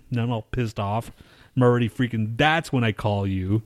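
A man's voice: mid-range voice, normal speed. Profane rambling male podcast storyteller. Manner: profane, rambling storyteller who acts out his own reactions. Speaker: podcast co-host. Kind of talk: casual storytelling chat.

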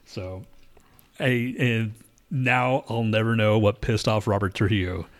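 A man's voice: lowish voice, measured pace. Profane rambling man telling a story. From lives in Denver. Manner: profane, rambling, acts out quotes. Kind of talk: casual storytelling chat.

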